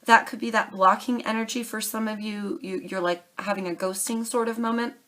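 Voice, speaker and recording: A woman's voice: medium pitch, fairly even intonation, a little fast, fairly bright tone. A young adult woman doing a tarot reading to camera, earnest and pleading, calling her listeners darling and baby. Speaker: tarot reader.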